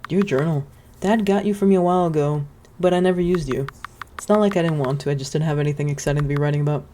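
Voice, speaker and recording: A woman's voice: low-pitched, fast talker, dark tone, slight background noise, natural voice. A woman voicing a shy, polite little scarecrow boy from a video game, sounding eager and earnest. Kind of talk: reading game dialogue aloud.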